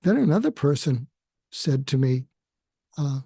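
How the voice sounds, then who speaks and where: A man talks through a reflective solo monologue as host of his own show, pausing and restarting often. His voice is gravelly and a little husky, with a dark, mellow tone. The recording is dry and close. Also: on the high side, dry recording. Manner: halting, with frequent fillers and restarts. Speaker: podcast host and therapist.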